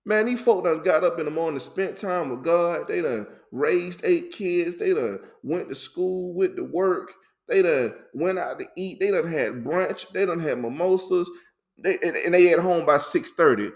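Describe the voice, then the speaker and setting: A man co-hosting a faith talk, telling his story in a lively, repetitive, conversational way full of slang. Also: on the high side, moderate pace, gravelly. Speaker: faith podcast co-host.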